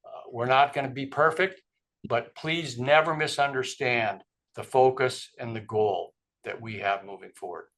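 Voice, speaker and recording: A man's voice: mid-range voice, normal speed, fairly bright tone. A middle-aged man, speaking as a medical school dean in an online address to faculty and students. He sounds earnest and emphatic, with frequent fillers. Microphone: streamed online address.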